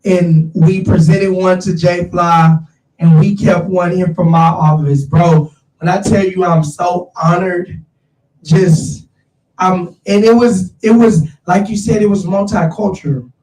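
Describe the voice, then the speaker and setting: A man hosting a casual chat, talking in an animated, slangy way and calling his listeners y'all. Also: sits high, unhurried, far from the mic. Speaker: show host. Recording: roomy, off-mic sound.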